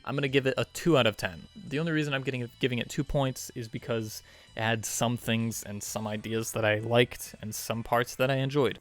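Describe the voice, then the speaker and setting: A man's voice: medium pitch, fairly bright tone. A man doing a casual, rambling, sarcastic movie review video, joking as he goes.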